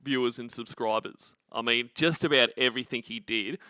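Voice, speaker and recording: An Australian man talks in loose, swearing, laugh-prone banter as a stream host. His voice is bright and forceful. The recording is dry and slightly muffled. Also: mid-range voice, normal speed, dry recording. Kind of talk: casual commentary chat.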